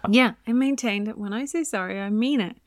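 Irish female co-host, animated and laughing, dry studio sound. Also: a little high, a little fast, no echo. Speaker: podcast co-host. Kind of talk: casual banter with her husband.

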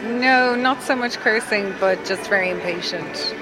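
A woman who works in a pharmacy, answering briefly and softly. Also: mid-range voice, a little slow, background noise. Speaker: pharmacy worker. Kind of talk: street interview. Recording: loud music behind.

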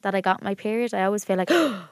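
A woman's voice: medium pitch, little pitch movement, racing, clean tone, no echo. A young Irish woman co-hosting a podcast, telling blunt, chatty stories in casual talk. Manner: chatty, laughing, blunt storyteller. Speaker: podcast co-host. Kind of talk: casual chat.

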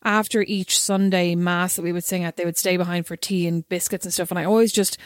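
An Irish woman co-hosting a podcast, chatting casually with lots of "like" and "you know what I mean", in a low voice. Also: fairly even intonation, brisk, dry recording, clean studio sound. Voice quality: low-pitched speaking voice. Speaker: podcast co-host. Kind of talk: casual chat.

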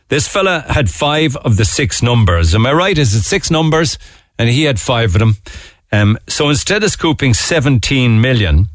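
A man's voice: mid-range voice, dry recording, clean studio sound. A man hosting a radio show, chatting casually with rambling jokey asides. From Ireland. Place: radio studio. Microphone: studio microphone.

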